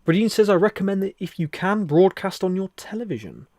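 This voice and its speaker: A man hosting a live stream, reading out viewer comments in a friendly, chatty way and calling people "buddy". He moves between a soft, near-whispered voice and louder talk, and laughs often. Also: high-pitched, expressive, brisk, no echo, studio quality. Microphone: headset mic with headphones.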